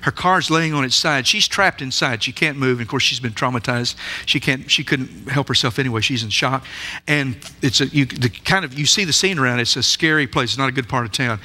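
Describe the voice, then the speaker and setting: Male preacher, sermon delivery, emphatic questioner, sharp bright tone. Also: mid-range voice. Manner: emphatic, asks the listeners many rhetorical questions. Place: church sanctuary.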